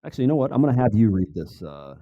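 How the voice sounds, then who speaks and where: A man's voice: medium pitch, sing-song, very fast, highs cut off. A man with a Midwestern American accent, co-hosting a casual podcast chat in a laid-back, bantering way. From Kansas City area, USA. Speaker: podcast co-host.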